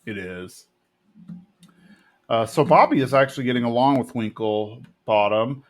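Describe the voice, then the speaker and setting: A man from Texas casually recapping a cartoon episode on a podcast, slipping into quick voices for the characters. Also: mid-range voice, lively intonation. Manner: retells plot with quick put-on character voices. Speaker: podcast co-host.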